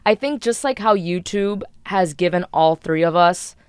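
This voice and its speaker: A woman's voice: fairly low pitch, expressive, normal speed, smooth, no echo, clean studio sound. A woman co-hosting a podcast, a voice actor talking candidly and upbeat about her work. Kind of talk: casual podcast chat.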